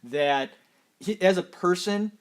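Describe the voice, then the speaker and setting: Male podcast co-host, relaxed and chuckly, with a slightly high voice. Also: slow pace, clean tone. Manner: easygoing, chuckles often while talking. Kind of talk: casual chat.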